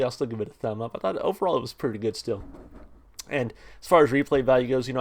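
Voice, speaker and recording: A man hosting a music reaction channel, talking through a song in a relaxed, rambling way and reading its lyrics aloud. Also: mid-range voice, creaky. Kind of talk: casual music review talk.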